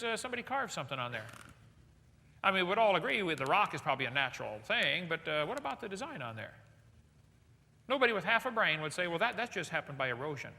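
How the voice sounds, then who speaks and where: A man delivers a live seminar lecture to an audience, firing off rhetorical questions along with joking asides. His voice is high-pitched with a sharp tone. There is slight background noise, and the echoey hall gives a long reverb.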